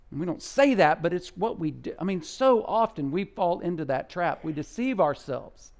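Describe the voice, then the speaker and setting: Conversational high-voiced male pastor. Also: sing-song, moderate pace, darkish tone. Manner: conversational, playful mimicry of listeners. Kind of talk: sermon. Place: church sanctuary.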